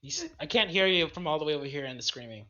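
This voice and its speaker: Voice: mid-range voice, very animated, racing, pushed and bright. Offhand player on a dull-sounding line. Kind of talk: casual chat at a gaming table.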